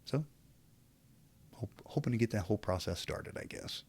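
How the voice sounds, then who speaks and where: A man's voice: lowish voice, lively intonation, normal speed, a little mellow, husky. A man talking straight to camera in a casual opinion vlog, preachy and rambling, trailing off into self-aware asides. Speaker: vlogger.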